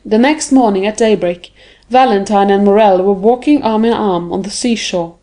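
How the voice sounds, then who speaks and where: A woman reads a classic novel aloud in a steady, measured narration. Her voice is mellow and soft-toned, with middling pitch. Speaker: audiobook narrator. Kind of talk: scripted narration.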